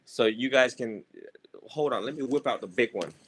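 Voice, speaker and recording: A man's voice: medium pitch, moderate pace, a bit bright, a little hiss or hum. A man teaching students in a loose, joking way, rambling and laughing as he goes. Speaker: monk teacher. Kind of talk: casual teaching talk.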